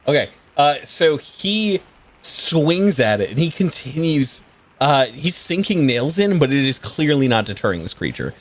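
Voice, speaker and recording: A man's voice: a little high, very animated, a little slow. A man narrating as game master in a casual, swearing way with lots of "uh" fillers.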